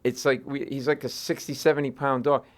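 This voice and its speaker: A comedian is spinning a long, animated anecdote in a relaxed interview. He speaks at an ordinary pitch for a man, jumps into little acted-out voices, and keeps the telling loose and conversational. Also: fairly quick. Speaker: comedian guest. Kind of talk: storytelling interview chat.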